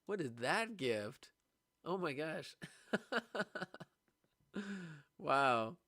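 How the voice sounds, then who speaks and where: A man's voice: on the high side, very slow, no room sound. Chatty young man, dry close sound. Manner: chatty, laughing, excitable about gifts. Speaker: music teacher streaming live. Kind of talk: casual livestream chat answering viewers.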